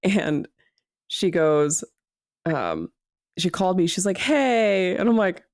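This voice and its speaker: A woman in her thirties co-hosting a casual podcast chat, telling lively stories and acting out the voices of people she quotes. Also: fairly low pitch, slow pace, no room sound, studio quality. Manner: animated storyteller acting out quotes. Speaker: podcast co-host.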